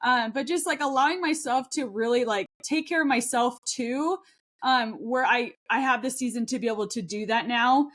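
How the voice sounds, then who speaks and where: Chatty, earnest woman co-host, fairly high. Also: moderate pace, fairly bright tone. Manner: chatty, rambling, many fillers and restarts; earnest and heartfelt. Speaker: podcast co-host. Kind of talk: casual chat.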